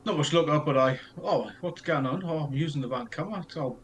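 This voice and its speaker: A man's voice: on the high side, fast talker, a little hiss or hum. A man joining a casual painting stream as a guest over a video call, cheerful and a bit unsure with the tech.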